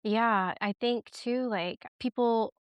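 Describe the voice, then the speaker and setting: A woman in her thirties, a guest in a casual interview, talking in a chatty, animated way with lots of fillers. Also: on the high side, slow, smooth, dry recording, lo-fi sound. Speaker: podcast guest, twin parenting educator.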